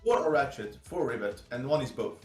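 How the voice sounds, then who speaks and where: Male podcast guest, quick and matter-of-fact, roomy echoey recording. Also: mid-range voice, lively intonation, soft background music. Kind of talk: casual gaming podcast chat. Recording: roomy echo, off-mic.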